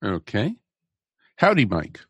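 Man, podcast host, jokey, low-ish voice, dry recording. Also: huge pitch swings, slow, breathy edge, no echo, highs cut off. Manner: jokey, leads the rating round. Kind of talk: casual chat.

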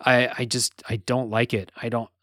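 A man's voice: medium pitch, flat delivery, normal speed, a bit bright, dry recording, studio quality. A man co-hosting a casual gaming podcast, rambling with lots of filler words and restarts. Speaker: podcast co-host.

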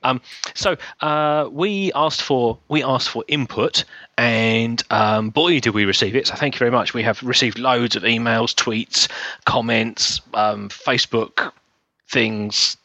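A man's voice: medium pitch, a little slow, bright, forceful tone, no room sound. A man hosting a podcast, teasing his co-hosts in casual chat. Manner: jokey, teasing. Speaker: podcast host. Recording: dull dry recording.

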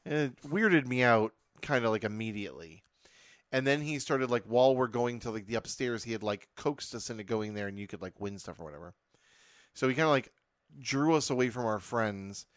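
A man co-hosting a podcast, chatting casually and winding through a story with plenty of fillers. His voice sits at a middling pitch. The sound is dry and close to the mic. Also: animated, brisk, dry recording. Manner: rambling storyteller, many fillers. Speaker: podcast co-host. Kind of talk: casual chat.

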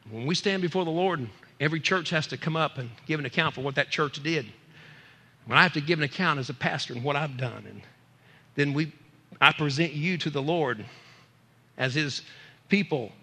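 A man preaching a fervent sermon as pastor, swinging between loud exhortation and hushed asides. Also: on the high side, in a large hall.

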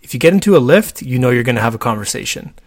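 A man co-hosting a casual chat, animated and talkative, acting out quoted voices in his stories. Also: medium pitch, racing, dry recording. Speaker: podcast co-host.

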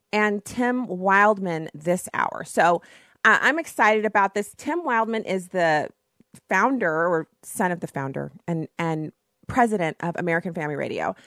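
A woman hosting a talk radio show, her voice scratchy and hoarse, chatting enthusiastically with fillers. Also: mid-range voice, expressive, measured pace, fairly bright tone, no echo, clean studio sound. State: scratchy voice from yelling the day before. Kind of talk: casual talk radio monologue.

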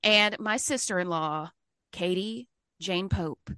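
A woman from Mississippi, co-hosting a podcast and telling a story in a chatty, animated way. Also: on the low side, slow, smooth. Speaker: podcast co-host. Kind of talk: casual chat.

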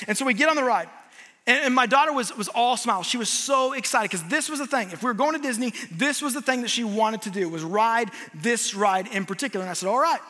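A man preaches with a high, bright voice and tells a story on himself with lively, self-mocking humor. His words ring with a long echo through a large church hall. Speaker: guest preacher. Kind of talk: sermon.

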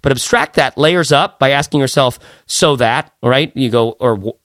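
A man co-hosting a podcast in casual banter, animated and joking, quick to slip into silly voices. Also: medium pitch, dry recording, clean studio sound. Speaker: podcast co-host.

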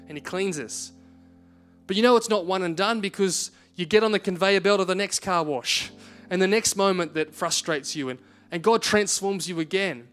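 A man with a high-pitched voice preaching a sermon with lively storytelling. He acts out people's reactions as he talks. Soft music plays behind him. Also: normal speed. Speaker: pastor.

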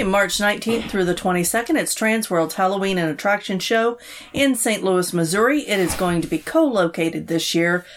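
A woman's voice: mid-range voice, slight background noise. A woman co-hosting a podcast in casual chat, giving short replies and reading event listings plainly. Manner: brief agreeing replies, reads listings plainly. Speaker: podcast co-host.

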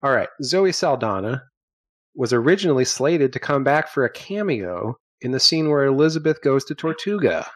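A man hosts a casual podcast trivia game. He talks at a middle pitch and drifts into long, rambling tangents. His voice sounds dry and close to the mic. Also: very animated, normal speed, no room sound. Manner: rambling, tangent-prone storyteller. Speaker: podcast host running trivia. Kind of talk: casual chat.

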